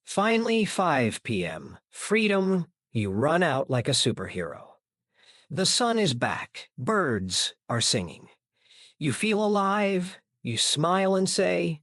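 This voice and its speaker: A narrator reading a comedic English lesson in short, deadpan sentences. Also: medium pitch, takes it slowly, no room sound, clean studio sound.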